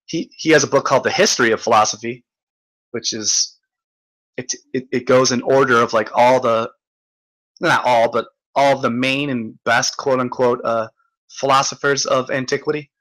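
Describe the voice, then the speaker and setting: A man's voice: mid-range voice, steady tone, moderate pace, a bit bright, low-quality recording. Guy rambling on his livestream reading chat, cursing and laughing a lot, ordinary mid voice. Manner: rambling, joking, profane, laughs often.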